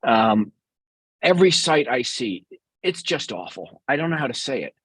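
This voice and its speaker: A man's voice: medium pitch, very animated, normal speed, fairly bright tone, husky, no echo. A middle-aged man with a New York accent, answering interview questions bluntly and sarcastically as a business guest.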